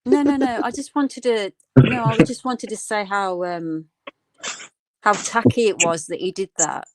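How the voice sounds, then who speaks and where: A woman's voice: medium pitch, measured pace, slight background noise. Hesitant woman caller. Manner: hesitant, many "um" and "you know", indignant. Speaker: caller on a livestream panel. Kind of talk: casual chat.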